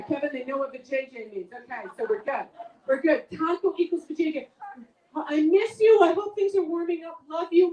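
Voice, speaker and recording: A middle-aged woman doing a chatty, self-mocking stand-up comedy set for a live audience. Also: far from the mic. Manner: chatty, self-mocking, big swings in pitch. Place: event room with a live audience. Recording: echoey room, voice off-mic.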